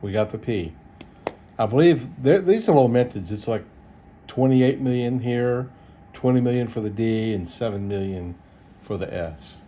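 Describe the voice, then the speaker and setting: A man's voice: mid-range voice, expressive, normal speed, warm tone, slight background noise. A middle-aged man, chatting casually and chuckling as he sorts coins on camera. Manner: chuckling, easygoing, folksy, thinks aloud. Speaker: coin roll hunter. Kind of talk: casual solo video commentary.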